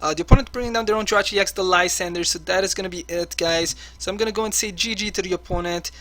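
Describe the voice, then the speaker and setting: A man's voice: high voice, racing, bright, forceful tone, dry recording. A man commentating his own online card game match as he plays, chatty and full of filler words. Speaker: online card game player and channel host. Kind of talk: live gameplay commentary.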